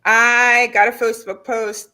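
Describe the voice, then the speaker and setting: An excited woman guest chatting about gardening over a video call. Her voice is bright and sits a bit high, and she talks with eager energy. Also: unhurried. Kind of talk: casual chat among friends.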